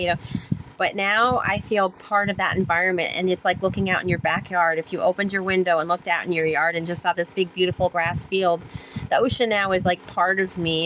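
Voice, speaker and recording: A woman guest on a podcast who is a sailor and author, telling her experiences in an animated, rambling way with many fillers and acted-out quotes. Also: on the low side, a little hiss or hum, low-quality recording. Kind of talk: conversational storytelling interview.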